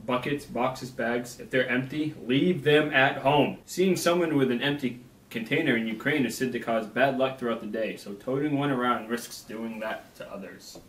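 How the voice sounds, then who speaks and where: A young man co-hosting a snack review reads trivia aloud in a casual, playful chat, joking around as he goes. His voice is mid-range and a bit bright, at a moderate pace, recorded in an echoey room with the mic at a distance.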